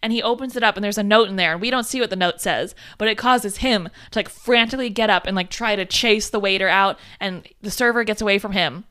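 A woman's voice: mid-range voice, fast talker, hardly any pauses, bright, forceful tone, smooth. A woman co-hosting a podcast, summarizing a film plot in casual chat with wry asides. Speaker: podcast co-host.

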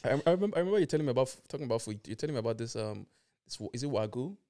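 A man co-hosting a podcast, asking questions in quick casual chat with many restarts and filler words. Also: mid-range voice, expressive, warm tone. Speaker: podcast co-host.

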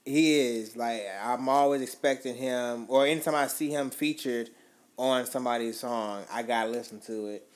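A man's voice: mid-range voice, fairly even intonation, normal speed. A man co-hosting a podcast, chatting casually about his favorite albums in loose, slangy talk with easy swearing. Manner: laid-back slangy talk, swears freely. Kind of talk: casual chat about music.

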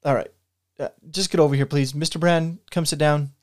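Fast-talking man rambling through a comedy skit. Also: fairly high pitch. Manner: rambling, excitable storytelling. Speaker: podcast co-host. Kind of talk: comedic movie-parody skit.

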